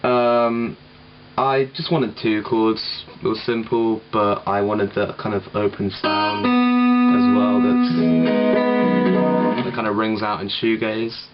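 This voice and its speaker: Low, flat-voiced man rambling about his guitar. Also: slow pace, muffled recording. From England. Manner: rambling, self-deprecating, many ums. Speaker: musician explaining his song. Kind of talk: casual home tutorial. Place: home room with guitar gear.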